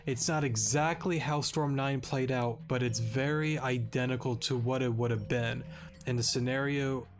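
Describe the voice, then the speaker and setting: A man's voice: medium pitch, steady tone, moderate pace, faint music behind. A man recapping a game's story as a let's-play commentator, rambling and correcting himself with stammers. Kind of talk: casual game story recap.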